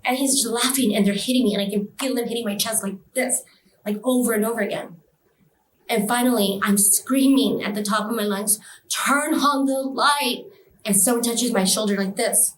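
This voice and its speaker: A woman's voice: medium pitch, steady tone, a little fast, reverberant, a little hiss or hum, rough recording. A woman telling a personal experience in an interview, emotional and vivid, acting out the voices of others. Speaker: interview guest.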